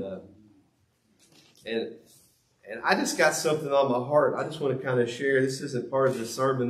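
A man pastor preaching a sermon, earnest and confessional, stressing key words by repeating them. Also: mid-range voice. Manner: confessional, earnest, with emphatic repetition. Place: church sanctuary. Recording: echoey church sanctuary.

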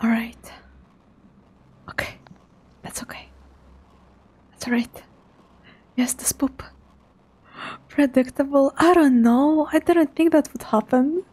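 A young woman with a high voice streams a game, keeping her talk hushed and soft. She speaks slowly and unhurriedly, almost murmuring her commentary. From Russia. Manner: hushed, softly spoken to avoid making noise. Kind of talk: live gaming commentary.

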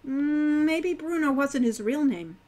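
Woman doing a curious teen adventurer girl, casual, eager, highish lively voice. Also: takes it slowly.

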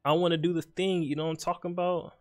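Over soft background music, a young man with a slightly high, level, somewhat mellow voice casually narrates the game he's playing live. The streamer cracks jokes, addresses his opponent, and lets out quick mutters.

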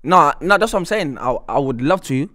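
A man chatting as a guest, slangy and full of stories. His voice sits fairly high and swings up and down a lot. The sound is dry and close. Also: moderate pace, no echo. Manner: slangy, animated storytelling. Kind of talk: casual chat.

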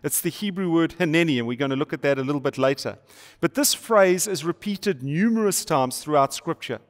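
Man, middle-aged pastor, emphatic sermon, rhetorical questions, slightly high voice, long hall reverb. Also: a little fast. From South Africa. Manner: emphatic, repeats phrases and rhetorical questions, playful asides. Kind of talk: sermon to an online audience.

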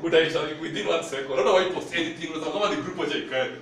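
A fairly high, somewhat bright male voice delivers a rapid-fire sermon in a Kenyan accent. He switches between Swahili and English and draws responses from the congregation. It was recorded at a distance in an echoey church hall.

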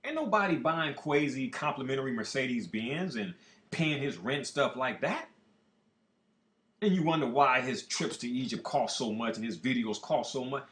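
A man talking casually and emphatically as a health educator and business owner, using streetwise slang and swinging between low mutters and loud outbursts. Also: expressive, moderate pace, roomy sound. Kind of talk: casual monologue.

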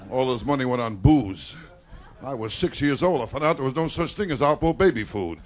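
A male stand-up comedian delivering rapid self-deprecating one-liners on a nightclub stage, often breaking in with "I tell you.". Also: medium pitch, animated. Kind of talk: live stand-up routine. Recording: noisy live club recording with crowd. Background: audience laughter and applause.

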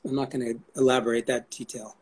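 A man's voice: mid-range voice, flat delivery, fast, a little mellow, breathy edge. A man chatting as an interview guest, rambling, swearing casually and cracking jokes. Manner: rambling, profane and jokey.

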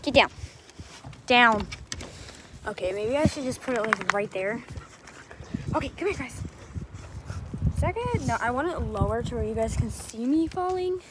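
A woman's voice: on the high side, expressive, moderate pace, long pauses. A woman chatting casually to camera outdoors, often telling her dogs to get down. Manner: chatty, scolding dogs between remarks. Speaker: vlogger. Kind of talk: casual vlog talk to camera. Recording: loud wind and background noise.

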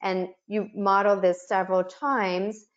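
A woman's voice: medium pitch, flat delivery, unhurried. A woman facilitating a webinar for child care educators, explaining practical activities step by step and modeling words the way she would for children. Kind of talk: instructional webinar talk. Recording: muffled lo-fi webinar audio.

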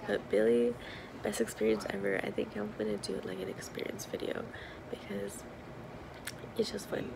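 A young woman chatting to camera in a vlog from a hotel room, hoarse and tired from losing her voice. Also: medium pitch, level tone, moderate pace, pauses often, background noise. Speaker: vlogger. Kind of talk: casual vlog chat.

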